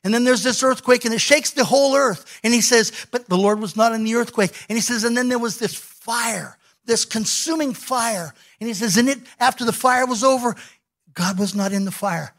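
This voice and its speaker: A male pastor preaching a sermon, telling a scripture story in an animated way and acting out the quoted lines. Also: extremely high pitch, normal speed.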